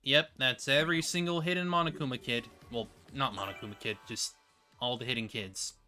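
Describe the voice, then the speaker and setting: A streamer playing a game and chatting casually, thinking out loud while checking their progress. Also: medium pitch, steady tone, fairly quick, faint music behind. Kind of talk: casual let's-play commentary.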